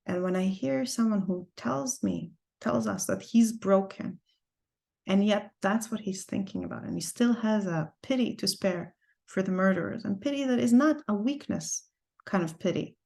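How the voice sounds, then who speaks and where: A woman teaching an online class over a video call, telling a personal story earnestly and with deep feeling. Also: expressive, moderate pace, gravelly, a little mellow. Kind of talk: heartfelt personal talk to a class.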